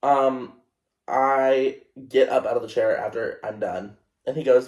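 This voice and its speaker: A young man hosting a podcast, telling a story in a casual, animated and self-conscious way, with lots of fillers. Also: mid-range voice, measured pace, a little hiss or hum. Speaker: podcast host. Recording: echoey room.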